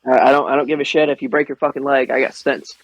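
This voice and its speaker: A young man hosts a podcast in a casual chat. He talks earnestly and swears casually, drifting from one tangent to the next. His voice is plain in pitch and recorded dry. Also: flat delivery, very fast, no room sound, rough recording. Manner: earnest, profane, digressive. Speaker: podcast host.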